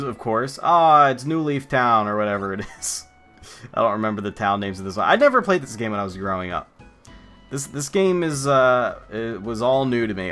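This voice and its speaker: A man's voice: fairly low pitch, fairly bright tone. A young adult man giving casual, sarcastic commentary on a game he is playing, joking and talking back to the characters. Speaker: let's play commentator.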